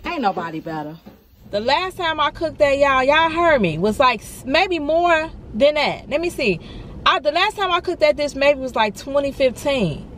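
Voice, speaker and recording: A young woman vlogs from inside her car, her high-pitched voice moving at a normal speed over a slight hiss or hum. She rants casually and animatedly straight to her viewers, sprinkling in lots of "y'all" and "honey."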